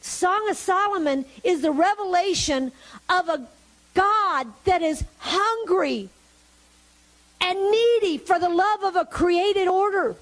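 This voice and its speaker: A woman's voice: very high voice, slow pace. A woman preacher giving a sermon, telling a story and then asking the congregation fervent questions.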